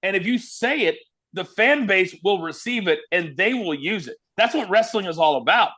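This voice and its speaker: At a normal pace and in a voice that sits high, this Kansas man, once a wrestling broadcaster, spins stories during a relaxed interview. He's an animated storyteller who performs the quotes.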